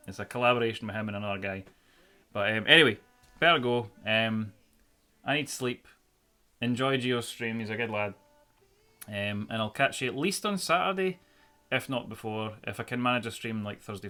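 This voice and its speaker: A man's voice: lowish voice, pushed and bright. A man, a streamer chatting casually to his viewers as he signs off. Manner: rambling, signing off.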